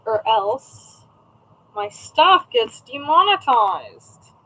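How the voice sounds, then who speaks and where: Woman, 30s, fairly high voice; loose, chatty shop-owner livestreamer who rambles and greets viewers. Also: very animated, very slow, bright, forceful tone, rough recording. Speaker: craft shop owner streaming live. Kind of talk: casual livestream chat. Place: at home, indoors. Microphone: camera set up at a desk.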